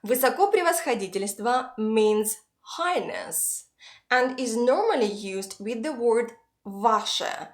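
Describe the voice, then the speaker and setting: A woman teaching pronunciation, explaining each sound slowly and carefully. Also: on the high side, animated. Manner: slow, careful, clearly spelling out sounds. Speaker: Russian language teacher. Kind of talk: pronunciation lesson.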